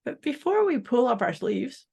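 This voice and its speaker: Female podcast co-host, upbeat and casual, mellow and slightly gravelly tone, talks to the audience directly. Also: on the high side, very animated, moderate pace. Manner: upbeat, addresses listeners directly. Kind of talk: casual motivational chat.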